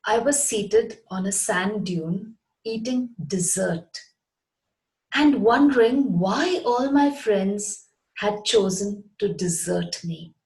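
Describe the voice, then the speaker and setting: A woman gives a scripted lesson to her channel's viewers. She talks at an unhurried pace and spells words out letter by letter. Her pitch sits in a middle range. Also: animated, darkish tone, rough recording. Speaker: English teacher.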